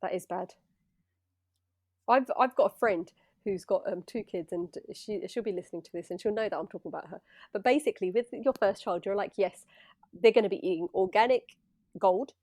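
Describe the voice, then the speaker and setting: A woman's voice: medium pitch, a little fast, a little mellow, dry recording, studio quality. A middle-aged woman from England co-hosting a casual podcast chat, laughing often and acting out what people say. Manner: chatty, laughs often, acts out quotes. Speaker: podcast co-host.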